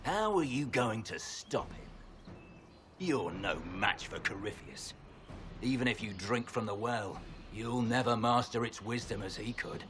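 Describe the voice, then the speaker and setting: A man's voice: mid-range voice, expressive, a little slow, background noise, lightly acted. An actor playing an embittered male warlord hooked on red lyrium, snarling and turning frantic, heard in game audio with music behind. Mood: menacing. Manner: snarling, growing frantic and shouting.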